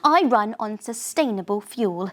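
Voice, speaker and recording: A woman's voice: medium pitch, lively intonation, a little slow, natural voice. A woman voicing Eco, a cheeky, boastful boy car, talking eagerly.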